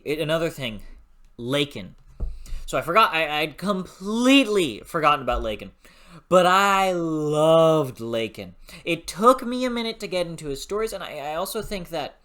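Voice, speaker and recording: In a casual video review of a book, the speaker's mid-range voice sounds bright and forceful. Profanity flows easily, the laughs are constant, and the reviewer keeps losing track of the point.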